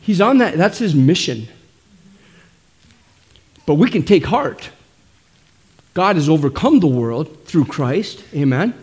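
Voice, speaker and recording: A man's voice: on the high side, sing-song, slow, long pauses, darkish tone, husky. A middle-aged man preaching a sermon, emphatic and calling out "amen?" again and again. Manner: emphatic, frequent calls of "amen?". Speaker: pastor.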